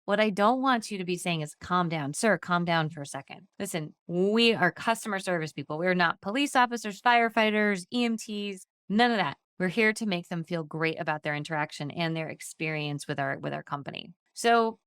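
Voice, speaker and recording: Female podcast trainer, low-pitched, smooth delivery, upbeat and chatty, dry close sound. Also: brisk, hardly any pauses, a bit bright, dry recording. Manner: upbeat and chatty, briefly acts out customer-service lines. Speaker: insurance agency trainer and podcast host.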